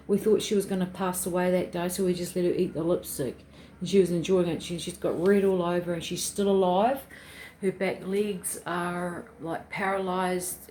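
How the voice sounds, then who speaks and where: In the kitchen of a small home unit, a middle-aged woman vlogger chats and rambles casually, swearing now and then. Her voice is fairly low and darkish, with slight background noise.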